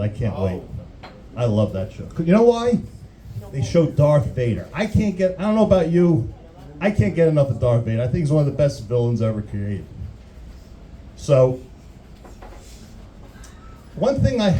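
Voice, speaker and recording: A man's voice: on the high side, warm tone, rough recording. A man doing a crude, rambling stand-up comedy routine, often restarting his sentences. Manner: rambling, crude, self-interrupting.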